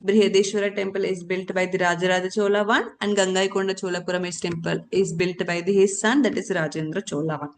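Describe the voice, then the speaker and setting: A woman's voice: mid-range voice, fairly even intonation, fast talker, hardly any pauses. A woman teaching a current affairs lesson for exam candidates, repeating key terms and answering her own questions.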